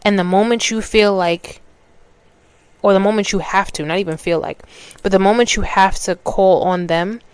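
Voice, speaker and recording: A woman hosting a podcast recounts a story from her own life in an easygoing, chatty way. Her mid-range voice is clean, fairly even in intonation and normal in speed, captured dry. She's a New Yorker who often starts sentences over and voices other people's lines.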